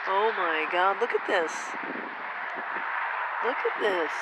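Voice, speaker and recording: A woman filming outdoors on a phone, giving an excited, breathless running commentary and exclaiming over and over. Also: mid-range voice, takes it slowly, heavy background noise. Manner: breathless, exclaiming, repeating herself. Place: outdoors in the cold.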